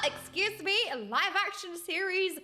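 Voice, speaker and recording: Woman, streamer, excitable, laughs a lot, very high voice, bouncy intonation. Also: slow pace. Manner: excitable, laughs often, talks to chat. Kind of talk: live-stream reaction chat.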